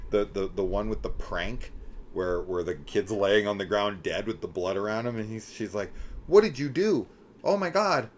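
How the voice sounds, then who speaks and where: A middle-aged man talking through a horror film in a casual spoiler discussion, animated and incredulous, swearing and acting out scenes. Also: sits low, slight background noise. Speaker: horror movie reviewer.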